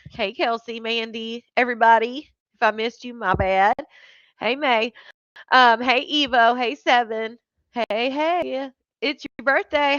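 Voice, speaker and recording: A woman's voice: fairly high pitch, fairly bright tone, smooth, no echo, highs cut off. A woman hosting a casual live stream, greeting viewers by name and laughing often.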